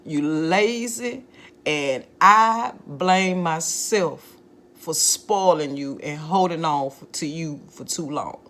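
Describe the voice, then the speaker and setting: A woman voicing her stern churchgoing mother, who bluntly scolds her grown daughter in a low voice. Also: slow pace, a bit bright. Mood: scolding.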